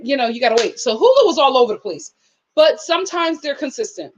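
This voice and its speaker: A high-voiced woman hosts a casual live stream and chats with her viewers in the comments. She sometimes sings out her hellos, and the recording sounds a little muffled. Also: expressive, fast. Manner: chatty, talks to her live chat, sings greetings. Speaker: YouTube reality-TV reviewer.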